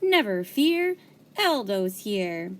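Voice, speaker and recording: Jolly janitor guy, hearty and loud-hearted, played by a woman reader, lifted a little in pitch. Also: big pitch swings, moderate pace, a little hiss or hum. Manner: hearty, boisterous. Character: cheerful jolly grown man, school janitor. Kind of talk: storybook character reading.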